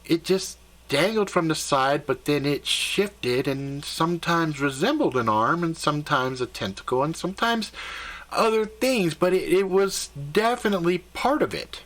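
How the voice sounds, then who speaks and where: A man telling a first-person story in a conversational, animated and slightly profane way. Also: a little high, moderate pace.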